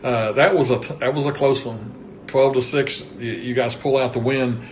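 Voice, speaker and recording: A man with a Kentucky accent hosts a relaxed sports history interview. He chats along in a mid-range voice, piling up scores and yardage. A faint hum sits under the talk. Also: mid-range voice, moderate pace. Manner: chatty, reels off season statistics. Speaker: host interviewing a former coach.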